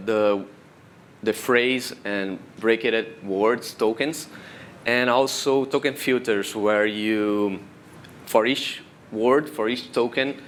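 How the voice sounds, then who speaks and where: A man's voice: mid-range voice, a little hiss or hum. A man from Brazil with a Brazilian accent and Portuguese as his first language, giving a technical conference talk that walks step by step through how things work. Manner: explanatory, steady walk-through of technical steps. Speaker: conference speaker. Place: conference room.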